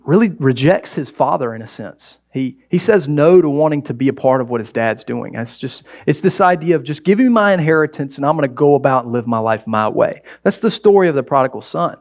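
A man preaching a sermon as pastor, talking to the church in a conversational way that jumps between loud exclamations and quiet asides. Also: medium pitch.

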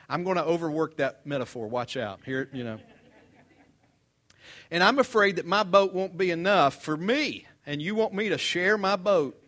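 An older man delivers a sermon with a slightly high-pitched voice. He tells stories in a chatty, animated way, rising to loud emphasis and dropping to quiet asides. His pitch moves freely through each phrase. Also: a little slow. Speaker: pastor. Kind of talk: sermon with humorous storytelling.

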